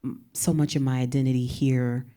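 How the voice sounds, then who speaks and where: A woman's voice: extremely low pitch, little pitch movement, fairly quick, mellow. A poet from San Antonio speaking with a Texan twang, a woman chatting on a panel in a rambling way and laughing often. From San Antonio, Texas. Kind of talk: casual panel talk.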